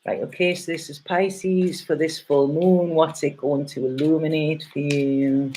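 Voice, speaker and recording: A woman's voice: deep voice, fairly even intonation, a little slow, warm tone, slight background noise. A middle-aged woman gives a casual, rambling and heartfelt tarot reading, often checking in with "okay?". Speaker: tarot reader.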